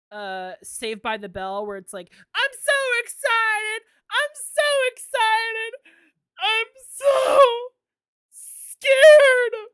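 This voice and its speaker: A woman's voice: fairly high pitch, sharp tone, dry recording, studio quality. Swearing, giggly woman streamer. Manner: rambling, swears casually, laughs often. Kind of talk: gameplay commentary. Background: faint lo-fi music.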